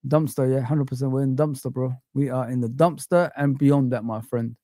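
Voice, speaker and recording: A man's voice: medium pitch, fairly even intonation, moderate pace, warm tone, no echo. Young male streamer, exasperated swearing rant, dry close mic. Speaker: fan channel livestream host. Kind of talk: casual livestream rant.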